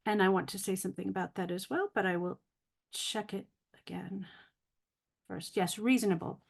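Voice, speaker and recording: Woman, casual online teacher, mid pitch, careful over hard words, corrects herself freely. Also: steady tone, normal speed, vocal fry. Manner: thinking aloud, self-correcting, laughs at own slips; careful, spelled-out pronunciation of long words. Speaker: language teacher. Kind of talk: casual video lesson.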